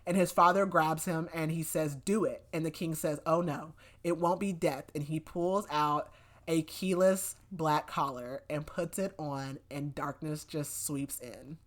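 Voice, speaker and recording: A young woman with a notably low voice hosts a podcast, breezily summarizing a novel. She talks casually, leans on "like" and "whatever", and slips into quick, loose versions of what the characters said. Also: fairly even intonation. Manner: chatty, many "like" fillers, acts out quotes loosely. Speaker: podcast host. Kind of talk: casual book recap.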